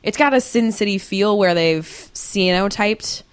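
A woman's voice: medium pitch, measured pace, smooth. A woman co-hosting a podcast, talking casually and rambling through her thoughts with many "like"s. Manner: rambling, many fillers and restarts. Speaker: podcast co-host.

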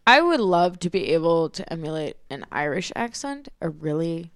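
A woman's voice: lowish voice, big pitch swings, moderate pace, no echo, studio quality. A woman co-hosting a podcast in casual chat, giggly and teasing, her chin right up against the microphone. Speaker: podcast co-host.

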